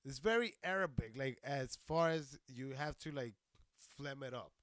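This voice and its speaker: Man from west texas, crude comic monologue, animated rambling, smooth clear voice, dry close sound. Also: on the high side, moderate pace, no room sound. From Socorro, Texas, near El Paso. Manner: rambling, crude and animated, laughing at his own jokes. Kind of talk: profane stand-up style monologue.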